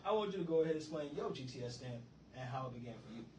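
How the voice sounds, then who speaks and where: A man hosting a radio show, talking in an energetic, slangy and profane way. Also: medium pitch, racing, a little hiss or hum. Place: radio studio. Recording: roomy room, distant mic.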